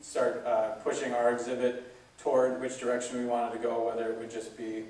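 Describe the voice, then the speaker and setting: A zoo staff member gives a casual public talk, relaxed and chatty with many fillers, in a flat, even, medium-pitched voice at a brisk pace. He stands far from the mic, and the big hall's heavy echo makes him sound roomy and distant.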